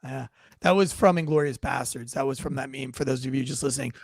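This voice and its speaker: A man's voice: medium pitch, fast, vocal fry, no room sound, studio quality. A man hosting a casual political podcast, ranting and swearing in a mocking way. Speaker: podcast host.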